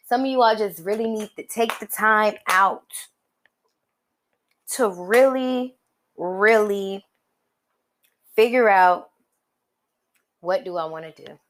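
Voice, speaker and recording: A woman hosting her own podcast, giving motivational talk with drawn-out, emphatic pauses and colloquial phrasing. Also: medium pitch. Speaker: podcast host.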